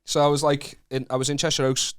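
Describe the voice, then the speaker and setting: A man's voice: a little high, flat delivery, quick pace, smooth, dry recording, clean studio sound. A young northern English man co-hosting a comedy podcast, telling a rambling, sweary anecdote. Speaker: podcast co-host. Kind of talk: casual comedy podcast chat.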